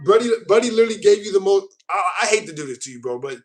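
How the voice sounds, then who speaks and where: A man's voice: sits high, expressive, racing, a little mellow, soft background music. An American man hosting a casual stream, reading viewer comments aloud with mock outrage and calling people bro. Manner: joking, mock-offended, calls viewers bro. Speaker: host.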